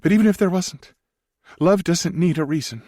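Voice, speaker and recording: A man voicing a pregnant young woman, speaking softly and earnestly in an audiobook. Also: sits high, normal speed, no room sound, studio quality, pitched above the performer's own voice. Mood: tender. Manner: soft, earnest, teary.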